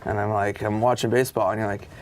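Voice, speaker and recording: A man's voice: fairly low pitch, level tone, fast, a little mellow. A man casually telling a story about waiting at a bar, laid-back and swearing freely.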